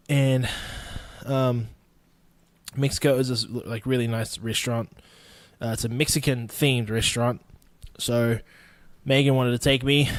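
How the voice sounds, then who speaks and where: A man's voice: medium pitch, dry recording. A young man hosting a solo podcast, rambling in a laid-back way and swearing often. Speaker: podcast host. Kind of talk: casual solo podcast monologue.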